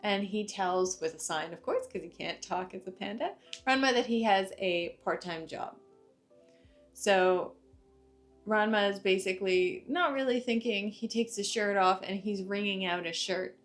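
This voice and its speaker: A woman's voice: mid-range voice, a little slow. A young woman talks through an anime episode in a loose, chatty recap. She leans on fillers and trails her sentences into one another, with faint music behind her. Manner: chatty, uses many fillers like "like" and "uh". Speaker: anime reviewer.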